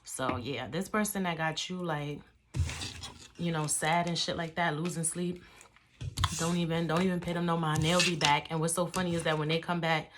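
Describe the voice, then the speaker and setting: A woman's voice: low-pitched, steady tone, background noise. A woman giving a casual tarot reading, slangy and profane, calling the listener baby and drawing out sign names. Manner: drawn-out, chanting sign names. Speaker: tarot reader.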